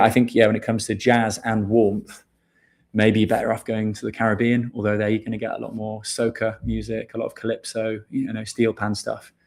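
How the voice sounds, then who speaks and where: A man's voice: on the low side, vocal fry, darkish tone. A man hosting a casual livestream, chatting loosely and calling viewers mate. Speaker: livestream host. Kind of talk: casual livestream chat reading viewer questions.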